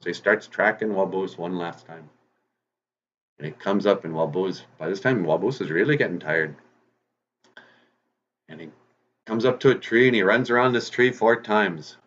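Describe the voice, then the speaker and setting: A man's voice: sits low, normal speed, long pauses, fairly bright tone, muffled recording. A man telling a folk tale in a casual, chatty way as host of his own channel, with rambling restarts and asides.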